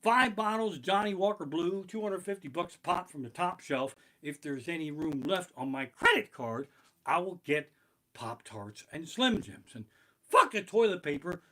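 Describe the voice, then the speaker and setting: Guy doing standup from his living room, bright edgy voice, swings up and down a lot, cussing and ranting. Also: high voice, animated, moderate pace, low-quality recording. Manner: profane, exasperated ranting with loud outbursts. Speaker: stand-up comedian. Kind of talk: stand-up comedy rant. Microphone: basic home streaming setup.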